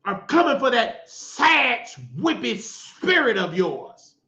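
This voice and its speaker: A man's voice: extremely high pitch, big pitch swings, takes it slowly, bright, forceful tone. A middle-aged man hosting a talk show, delivering a scolding, mocking, preachy rant. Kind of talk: ranting monologue. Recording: echoey lo-fi room sound.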